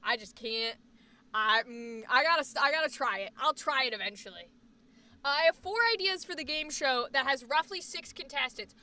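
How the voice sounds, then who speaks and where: A woman live-streaming, chatting loosely with her viewers and answering their messages with casual swearing. Her voice sits high and sounds bright and forward. She is heard from a little distance from the microphone. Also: expressive, moderate pace.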